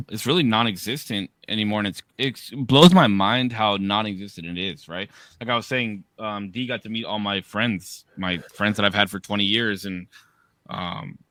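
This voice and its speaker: A man in his thirties co-hosting a podcast, telling profane, animated stories and shouting the quoted lines. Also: on the low side, no room sound. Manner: animated, profane storytelling with loud quoted outbursts. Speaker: podcast co-host. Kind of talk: casual storytelling.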